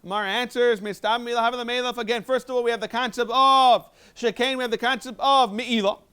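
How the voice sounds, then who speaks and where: Rabbi guy, really high voice, zipping through a talmud lesson, gets worked up and punchy on the points. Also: smooth. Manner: quick, animated explaining with sudden emphatic jumps. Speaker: rabbi teaching a Talmud review class. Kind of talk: Talmud lecture, English mixed with Hebrew and Aramaic terms.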